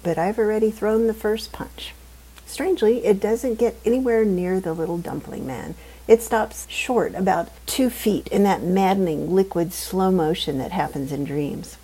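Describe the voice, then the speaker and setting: A woman reading a first-person novel aloud in a wry, deadpan, humorous way. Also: medium pitch, normal speed, husky, rough recording. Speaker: audiobook narrator. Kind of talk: first-person scripted narration.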